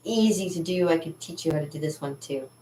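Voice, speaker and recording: A chatty woman painter talks her way around her art studio, rambling cheerfully and laughing often. Her voice sits a little low and reaches the mic from across the room. The room rings with a roomy echo. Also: fairly quick, far from the mic, background noise. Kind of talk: casual studio vlog. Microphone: camera mic, moving around the room.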